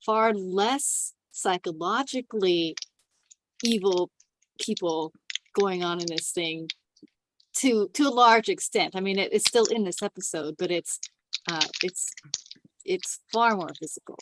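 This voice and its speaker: A woman's voice: medium pitch, unhurried, noisy background. A woman musing thoughtfully in a casual group discussion, restarting phrases as she thinks. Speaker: table read participant.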